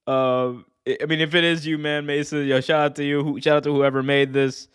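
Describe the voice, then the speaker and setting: A man's voice: a little high, brisk, clear, resonant tone. Hyped up guy talking wrestling on his podcast, slangy, laughs a lot. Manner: excitable, laughs often, slangy. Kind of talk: casual chat.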